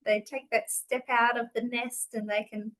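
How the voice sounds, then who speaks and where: A woman's voice: on the high side, little pitch movement, normal speed, fairly bright tone, low-quality recording. A woman hosting a casual podcast interview, affirming and effusive toward her guest. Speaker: podcast host.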